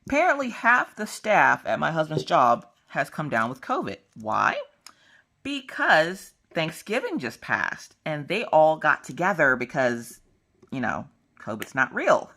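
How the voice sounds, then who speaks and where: A woman's voice: low voice, moderate pace, vocal fry. A woman chatting casually to camera while crafting, telling a story and acting out the people in it. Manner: animated storytelling, acts out dialogue. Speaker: vlogger.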